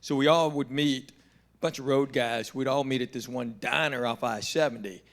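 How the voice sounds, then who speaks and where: A male comedian on a live-streamed panel, telling a road story and acting out each line of dialogue with big jumps in pitch and loudness. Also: moderate pace. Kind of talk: animated storytelling. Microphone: live stream panel mic.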